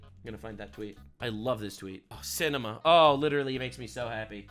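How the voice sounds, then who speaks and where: A man streaming a reaction to a video, ranting loudly and repetitively with plenty of profanity. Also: mid-range voice, quick pace, hardly any pauses, soft background music. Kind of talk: heated reaction commentary.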